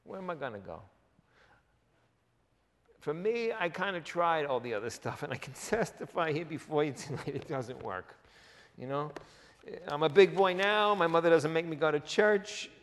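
A man preaching a sermon as pastor, animated and jokey, with quick asides to the congregation. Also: a little high, long reverb tail. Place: church hall.

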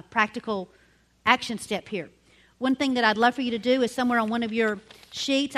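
A middle-aged woman teaching a women's ministry sermon, emphatic, slowly spelling out key words letter by letter. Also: fairly high pitch, a bit bright.

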